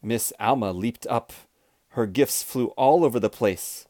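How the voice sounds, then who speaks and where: A man reading a children's storybook aloud, clear, expressive and deliberate. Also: mid-range voice, dry recording, studio quality. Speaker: storybook reader.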